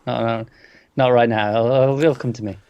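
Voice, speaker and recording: A man's voice: mid-range voice, fairly even intonation, moderate pace, darkish tone, clean tone, no room sound, muffled recording. A man co-hosting a podcast in casual chat with wry, dry humor. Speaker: podcast co-host.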